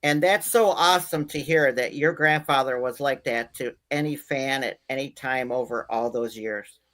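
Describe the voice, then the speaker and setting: A man's voice: mid-range voice, normal speed, a bit bright. A male host steering a casual chat, reacting with short "wow"s and handing off to his co-hosts.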